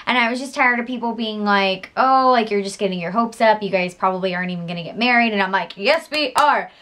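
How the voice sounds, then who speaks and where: A woman's voice: medium pitch, fairly even intonation, fast talker, fairly bright tone. Brief: young woman vlogger, giggly and gushing, mid-range voice, casual storytelling to camera. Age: young adult.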